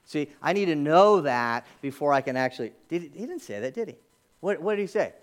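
A male pastor delivers a sermon from his church, a slightly higher-pitched voice. He preaches in a conversational way, dropping in asides and rhetorical questions to his congregation. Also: sing-song, moderate pace, a bit bright. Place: church sanctuary.

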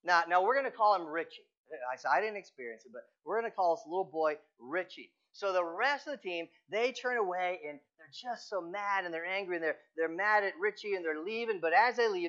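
A man's voice: high-pitched, a little fast, fairly bright tone, dull audio. A male pastor giving a conversational sermon, telling stories and asking rhetorical questions.

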